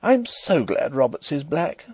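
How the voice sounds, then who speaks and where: A man voicing a strict, easily vexed young noblewoman in an audiobook, with a high, sharp, scolding delivery. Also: wildly swooping pitch, moderate pace, husky, dry recording, exaggerated voice. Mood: reproachful.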